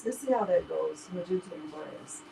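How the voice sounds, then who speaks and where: A woman's voice: fairly low pitch, expressive, moderate pace, vocal fry, very noisy. A woman hosting a live crafting tutorial, chatting casually and talking straight to her viewers. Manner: chatty, talks straight to viewers as "y'all", laughs often. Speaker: crafting livestream host.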